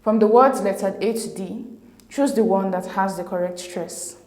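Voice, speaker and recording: A woman, working through exam questions as a tutor in a steady, methodical way. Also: mid-range voice, normal speed. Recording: echoey room.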